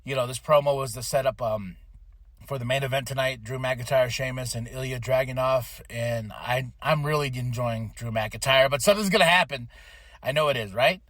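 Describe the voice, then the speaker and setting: A man's voice: medium pitch, moderate pace, fairly bright tone, dry recording, clean studio sound. A man hosting a podcast, casually recapping a wrestling show with opinions and acted-out quotes. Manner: chatty, opinionated, acts out quotes. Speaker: podcast host.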